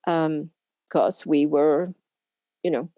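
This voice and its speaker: An older woman chatting through her recollections in an interview, laughing as she goes. Her voice sits low and mellow. The sound is dry, with no room around it. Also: steady tone, slow pace, no echo. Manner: chatty, rambling, laughs often. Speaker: interview guest, camera assistant.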